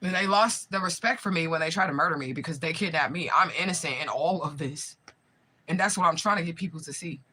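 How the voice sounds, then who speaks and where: A woman's voice: deep voice, quick pace, bright, forceful tone, breathy edge, low-quality recording. A woman around forty, a spiritual medium, talking straight to camera in a raw, profane, rambling way, often asking listeners if they follow her. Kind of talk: emotional direct-to-camera vlog.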